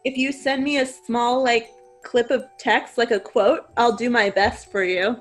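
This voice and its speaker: Woman on a podcast, friendly, kinda high voice, jokes about herself. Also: steady tone, a little slow, faint music behind. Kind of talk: casual chat.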